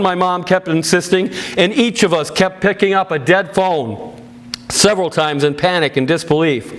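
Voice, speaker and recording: A male pastor tells his story to a gathered audience, reading a written account aloud. His voice sits a bit high for a man. He delivers it earnestly and with feeling, breaking off now and then for plain, chatty remarks to the listeners. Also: normal speed. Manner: earnest, emotional storytelling with loud raised-pitch quotes; plain conversational asides to the audience.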